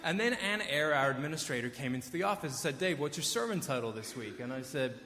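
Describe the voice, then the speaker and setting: A man's voice: a little high, sing-song, normal speed, hardly any pauses, fairly bright tone, a little hiss or hum. A middle-aged man preaching a sermon as pastor, telling stories with wry, self-deprecating asides. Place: church sanctuary. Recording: echoey church hall.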